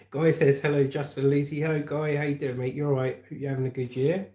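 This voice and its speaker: Southern english bloke on a livestream, mellow tone, roomy echo, keeps calling people mate. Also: male voice, a little high, flat delivery, normal speed. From England. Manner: chatty, calls viewers mate, laughs at comments. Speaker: livestream news host. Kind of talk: casual livestream chat reading viewer comments.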